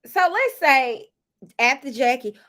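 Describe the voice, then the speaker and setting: Speaking at a measured pace in a high voice, a woman casually recaps a reality show episode for viewers, sprinkling in lively asides and storytelling.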